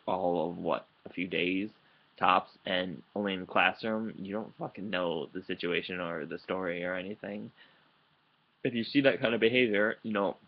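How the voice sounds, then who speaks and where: Casting note: a man fired up in a late-night webcam rant, low voice, swearing constantly, muffled lo-fi audio. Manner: heated, profane, rambling with restarts. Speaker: vlogger. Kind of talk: angry vlog rant. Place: indoors at home, late at night. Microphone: computer microphone.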